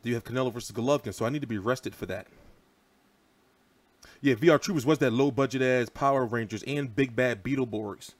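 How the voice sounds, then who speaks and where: Fairly quick and medium-pitched, this boxing livestream host in his thirties rambles loosely and profanely through viewer comments with plenty of animation. The recording is dry.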